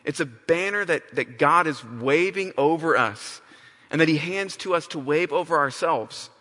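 A man's voice: a little high, expressive, moderate pace, bright, forceful tone. A man preaching a sermon, emphatic, often restarting and repeating phrases. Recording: long hall reverb.

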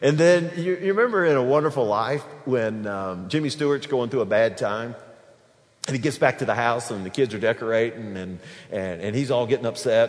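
A man preaching a sermon in a church, animated and acting out the small voices of children. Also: mid-range voice, brisk. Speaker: pastor. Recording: long reverb of a large hall.

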